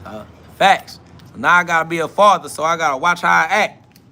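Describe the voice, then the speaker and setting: A man's voice: fairly high pitch, fairly quick, bright, forceful tone. A man hosting a live self-talk podcast, talking bluntly and profanely in a preachy way while answering chat comments aloud.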